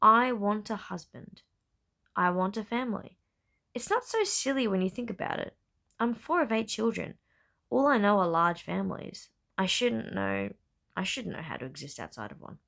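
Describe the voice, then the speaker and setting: Witty young society lady, teasing and frank, read by a woman narrator; gravelly, mid-pitched, barely shifted from the reader's own voice. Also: big pitch swings, moderate pace, bright, forceful tone, full character voice. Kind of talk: audiobook-style novel reading.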